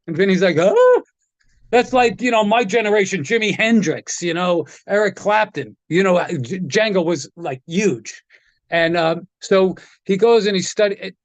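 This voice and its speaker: A middle-aged man with a fairly high speaking voice tells rambling stories as an interview guest. He acts out the voices of the people he quotes, laughing often. The sound is dry and close. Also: normal speed, no room sound. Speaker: guest, guitar tech. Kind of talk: casual storytelling interview.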